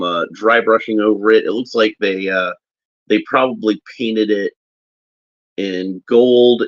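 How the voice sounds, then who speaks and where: A man giving casual, halting unboxing commentary as a toy reviewer, often restarting as he handles a figure. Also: low-pitched, no echo. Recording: dull lo-fi recording.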